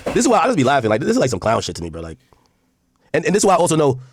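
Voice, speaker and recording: A man's voice: a little high, huge pitch swings, very fast, a little hiss or hum. A man streaming casual commentary to his chat, reading posts aloud and reacting bluntly, with frequent profanity.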